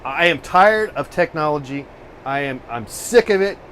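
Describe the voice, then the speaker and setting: A man's voice: a little high, lively intonation, moderate pace, fairly bright tone, slight background noise. Exasperated man ranting on a live stream. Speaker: host of a live painting stream. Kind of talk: casual live-stream chat.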